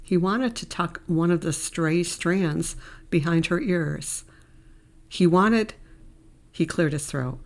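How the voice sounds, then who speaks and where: Woman audiobook narrator, low voice, steady measured storytelling.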